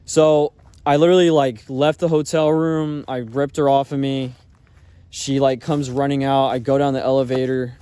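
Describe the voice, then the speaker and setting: A man's voice: mid-range voice, steady tone, normal speed, warm tone, clear, resonant tone. A man telling a personal story in a casual, rambling way, full of fillers and swearing. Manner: rambling, filler-heavy talk with frequent swearing.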